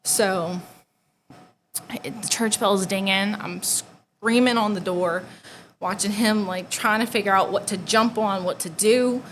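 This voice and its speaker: A woman's voice: mid-range voice, steady tone, measured pace, fairly bright tone, a little hiss or hum, low-quality recording. A young woman giving a personal testimony, casual and full of "like", sometimes dropping to near-whispers. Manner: conversational, heavy use of "like", drops to near-whispers at painful moments.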